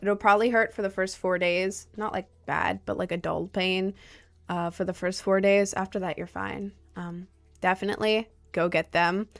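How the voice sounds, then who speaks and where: Young woman, streamer, casual rambling chat, lots of fillers, mid-pitched voice, faint background music. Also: normal speed, vocal fry. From United States. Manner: rambling, filler-heavy storytelling with lively outbursts. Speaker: live streamer. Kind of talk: casual chat, reading viewer comments. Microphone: desk mic, sometimes leaning close.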